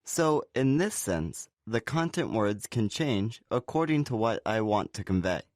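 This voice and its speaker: A man co-presenting a scripted pronunciation lesson, explaining in a relaxed way and saying example words slowly and clearly. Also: fairly low pitch, no echo, studio quality. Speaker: pronunciation teacher.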